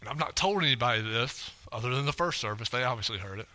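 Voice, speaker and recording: Young male preacher, casual storyteller, tags lines with "right?", piercingly bright tone. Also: mid-range voice, animated, fast talker. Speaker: preacher at a church. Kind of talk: sermon with a personal story. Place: church auditorium stage.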